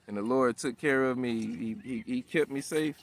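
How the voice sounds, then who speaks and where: A medium-pitched man talking at normal speed, this preacher in his thirties gives a loose street-style sermon. It's casual, slangy, and profane, with "all right?" and "you know what I'm saying?" coming up constantly.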